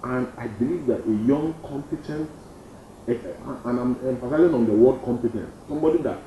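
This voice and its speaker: A young man with a Nigerian accent, an activist answering interview questions emphatically and repeating his points. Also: fast talker. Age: young adult. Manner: emphatic, repeats points, lively pitch swings. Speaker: activist guest. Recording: dull roomy studio sound, faint noise.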